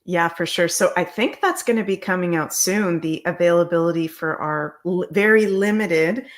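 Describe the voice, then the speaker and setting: A middle-aged woman co-hosting a casual spiritual chat show, bubbly and chatty. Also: fairly low pitch. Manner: bubbly, chatty, quick to say yay. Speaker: co-host.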